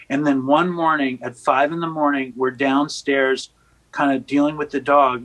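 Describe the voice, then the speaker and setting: A New York City man hosts a podcast, his medium-pitched, slightly bright voice moving little in pitch at a normal speed, on a low-quality recording. In a laid-back conversation, he tells stories in a wry, joking way.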